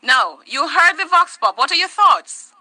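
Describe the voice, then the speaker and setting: Bright, chatty woman host. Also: sits high, unhurried, no room sound, rough recording. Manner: lively, laughing, chatty. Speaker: talk show host. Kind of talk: casual interview chat.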